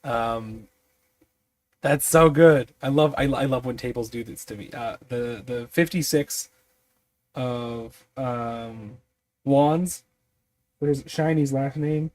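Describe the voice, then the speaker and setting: A sleepy man thinking aloud in a halting, musing way as he rolls on tables to design a tabletop mystery. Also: mid-range voice, a little mellow. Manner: musing, halting, many fillers.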